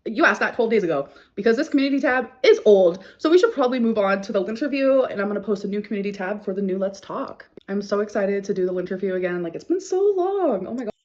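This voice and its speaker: A woman's voice: medium pitch, muffled recording. A woman vlogger chatting casually and breezily to her viewers. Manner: breezy, rapid talk to viewers. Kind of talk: casual vlog chat.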